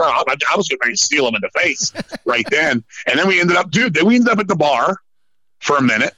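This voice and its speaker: A man from Virginia who fronts a metal band, telling road stories as a podcast guest in a rambling, profane, animated way. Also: fairly high pitch, fast talker, low-quality recording. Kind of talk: casual storytelling chat.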